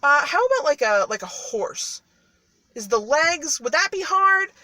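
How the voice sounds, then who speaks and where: A wheedling talking tomcat, played by a woman who butters up his target in loose, slangy chatter, and his voice sits a touch high. The sound is dry and close, with no room around it. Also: measured pace, dry recording, full character voice. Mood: sly flattering. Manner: flattering, wheedling, casual slang. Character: sly smooth-talking male cat.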